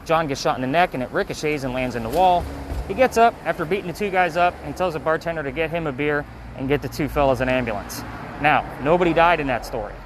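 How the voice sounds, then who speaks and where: A man's voice: a little high, lively intonation, music in the background, rough recording. A man guiding a ghost tour, telling stories in a loose, casual way with lots of fillers. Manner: fast, loose talker with swearing and fillers. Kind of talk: casual storytelling on a walking tour. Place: outdoors on a city street.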